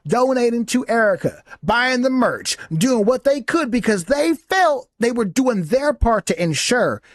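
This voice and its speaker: A man's voice: extremely high pitch, no echo, clean studio sound. Heated, taunting male podcast host. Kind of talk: combative commentary monologue.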